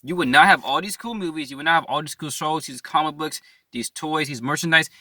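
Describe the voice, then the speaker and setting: With a highish, sharp voice and a slightly fast pace, this young man gives an earnest, slangy pep talk as a motivational YouTuber. He calls people "bro," circles back over his points, and checks in with "right?" There's no room sound at all.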